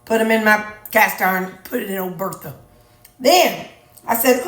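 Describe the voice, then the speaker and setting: A woman's voice: mid-range voice, normal speed, a bit bright. A middle-aged woman chatting casually to camera in her home kitchen, folksy and teasing. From Missouri. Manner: chatty, folksy, teasing, sings snatches to herself. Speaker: vlogger. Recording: roomy echoey kitchen.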